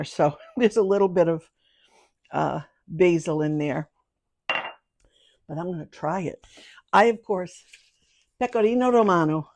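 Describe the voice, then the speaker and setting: A woman's voice: on the low side, unhurried, pauses often, a little mellow. Chatty middle-aged woman cooking at home. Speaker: home cooking video host. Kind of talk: casual cooking chat.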